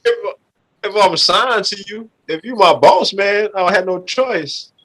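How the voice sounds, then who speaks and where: A man's voice: high-pitched, animated, a little slow, fairly bright tone, poor audio. A middle-aged man from Louisiana, a rapper guest talking loosely and repetitively in a casual podcast chat. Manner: loose, repetitive street talk, "you feel me".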